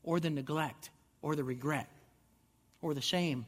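High-voiced man preaching in a hall. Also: a little slow. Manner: conversational preaching with repeated restarts. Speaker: pastor. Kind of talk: sermon.

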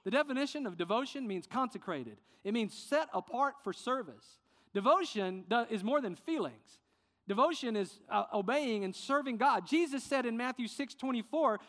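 A man preaching a sermon as pastor, earnest and sometimes softening with emotion. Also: very high voice, animated, normal speed, big-room sound. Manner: earnest preaching, quieter and tender when emotional.

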